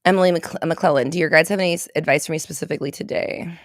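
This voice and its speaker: A woman hosting a casual livestream and doing intuitive readings for her chat, rambling, swearing freely and breaking into loud laughter. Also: sits low, very fast, dry recording, clean studio sound.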